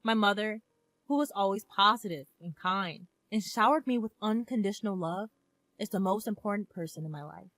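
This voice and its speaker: Young woman, storyteller, calm, reflective, dry close sound. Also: medium pitch, moderate pace, no echo. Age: 20s. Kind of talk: first-person story narration.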